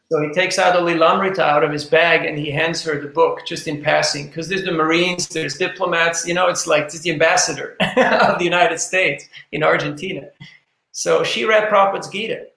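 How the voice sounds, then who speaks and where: A man's voice: fairly high pitch, steady tone, fairly quick, vocal fry, bright, forceful tone. A man who is a guest on a podcast, telling earnest anecdotes and often repeating himself. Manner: anecdotal, earnest, frequent repetitions. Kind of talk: storytelling interview talk. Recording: echoey room.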